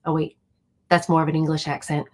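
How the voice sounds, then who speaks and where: A woman's voice: sits low, a little fast. A woman hosting a casual reaction commentary channel, chatty and talking straight to her viewers. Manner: chatty, animated, speaks directly to viewers. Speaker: YouTube commentary host.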